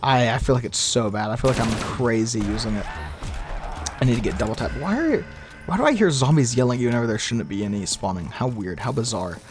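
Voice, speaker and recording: A man's voice: mid-range voice, fairly quick, music in the background. A man in his twenties giving casual, rambling commentary while playing a game, often restarting his sentences and muttering gameplay remarks under his breath. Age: 20s. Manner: rambling, with frequent restarts and stumbles; switches between lively talk and muttered gameplay remarks. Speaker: gaming YouTuber. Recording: game gunfire and noise behind voice. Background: video game gunfire and zombie sounds.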